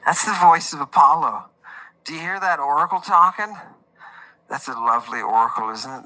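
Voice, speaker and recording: Animated man lecturing, bright voice. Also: on the high side, normal speed, long pauses, low-quality recording. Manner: animated, jokey, swinging between loud outbursts and muttered asides. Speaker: host. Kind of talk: lively livestream lecture on ancient texts.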